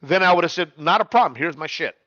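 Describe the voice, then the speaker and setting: Middle-aged guy telling a story, fired up, stumbles over words, cusses, flat dry dull sound. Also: fairly high pitch, fast, no room sound. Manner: animated, repeats words, swears freely. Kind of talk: casual storytelling chat.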